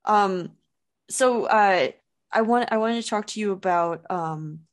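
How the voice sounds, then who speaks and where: A woman's voice: mid-range voice, unhurried. A young woman hosting an interview podcast, chatty and casual, often saying "like". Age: young adult. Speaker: podcast host.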